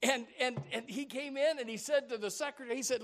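A man preaching a sermon as a story, animated and often repeating words as he starts a sentence. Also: very high voice, fast.

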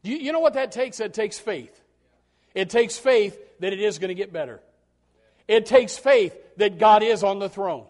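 A man preaches a sermon to his congregation. He rambles in a homespun, folksy way, then his voice climbs and bursts into loud, emphatic shouts. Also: high-pitched, animated, moderate pace. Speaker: pastor.

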